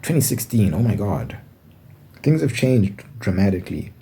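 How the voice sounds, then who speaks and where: A man's voice: lowish voice, very animated, normal speed, warm tone, a little hiss or hum. A young man rambling casually in a monologue to his viewers, often restarting his thoughts. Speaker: vlogger.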